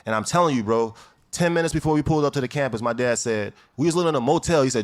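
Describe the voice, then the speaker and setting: A young man from Chicago telling his life story in an interview, animated and emphatic, acting out the people he quotes. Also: mid-range voice, racing. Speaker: guest. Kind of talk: storytelling in conversation.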